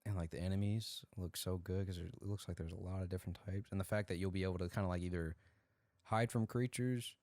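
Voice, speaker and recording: A man co-hosting a podcast, chatting casually and excitedly about a video game. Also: low voice, quick pace, no echo. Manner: excited, rambling gamer talk. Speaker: podcast co-host. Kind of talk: casual chat.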